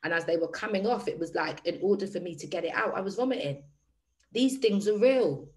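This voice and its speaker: A woman's voice: medium pitch, animated, fairly quick, darkish tone, poor audio. A woman hosting a group session, speaking candidly and addressing the group directly in casual talk. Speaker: workshop host.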